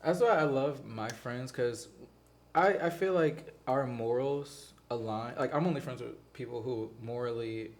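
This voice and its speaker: A young adult man chatting casually as a podcast guest, relaxed and quick to laugh. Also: medium pitch. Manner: relaxed, chatty, laughs easily, quotes others playfully.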